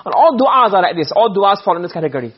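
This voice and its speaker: A man's voice: high-pitched, sing-song, quick pace, husky, lo-fi sound, faint music behind. A man teaching a classroom lesson, explaining point by point and often checking whether the students follow. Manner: explains with repeated questions to students.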